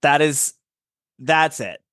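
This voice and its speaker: A man's voice: on the high side, slow pace, pushed and bright, no room sound, studio quality. A man co-hosting a podcast in casual chat, rambling and laid-back with many fillers.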